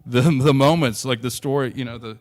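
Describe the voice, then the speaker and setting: A man's voice: mid-range voice, brisk, darkish tone, no echo. A young adult man, earnestly telling a long personal story in a podcast interview, with frequent restarts. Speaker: interview guest.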